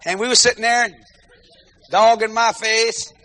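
A man preaching a comic storytelling sermon, animated and bursting into shouted exclamations between praise interjections. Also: sits high, a little slow, a little hiss or hum. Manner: peppers talk with praise interjections.

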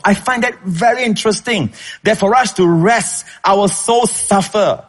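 A man preaching a sermon as pastor, emphatic, with sudden leaps in pitch when stressing a point. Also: unhurried, breathy edge.

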